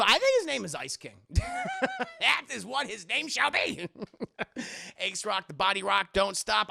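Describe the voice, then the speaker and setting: A man's voice: on the high side, gravelly, bright, forceful tone. A young man streaming live, giving a rambling, profane, jokey recap of an anime episode and talking to his chat.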